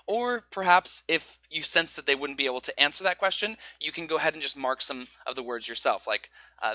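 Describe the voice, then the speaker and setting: Man, teaching tips, very bright voice, dry close mic. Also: a little high, dry recording. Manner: energetic, demonstrates stress with slow exaggerated example sentences. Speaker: English teacher giving advice to teachers. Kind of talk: online teaching tips video.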